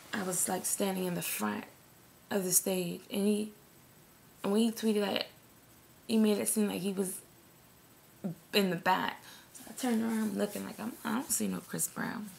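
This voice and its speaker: Woman, New York accent, hoarse, gravelly, indignant storytelling rant. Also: medium pitch. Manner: animated, indignant, swears freely. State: hoarse from screaming. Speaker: vlogger telling a story.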